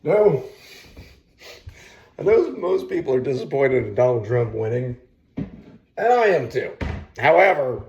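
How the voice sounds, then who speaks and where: A man cooking and chatting on his own vlog, rambling and swearing freely, with sudden loud outcries. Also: mid-range voice, sing-song, unhurried, gravelly, pauses often. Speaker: cooking vlogger.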